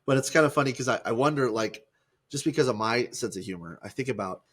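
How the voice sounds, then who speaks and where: A man's voice: mid-range voice, lively intonation, fast, a bit bright, breathy edge. A man co-hosting a podcast in casual, rambling chat, cracking jokes and putting on silly voices. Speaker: podcast co-host.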